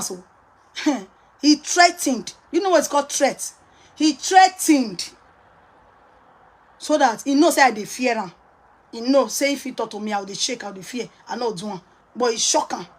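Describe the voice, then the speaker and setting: A woman's voice: on the high side, husky, rough recording. A woman with a Nigerian accent talking on a phone live video, emphatic and repetitive, mixing Pidgin and English. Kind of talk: angry live-stream rant.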